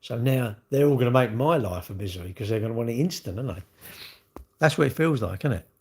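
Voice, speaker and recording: A man's voice: mid-range voice, expressive, fast talker, darkish tone. A man, rambling in casual livestream chat and answering viewers' comments with lots of tag questions. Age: 60s. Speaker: livestream host.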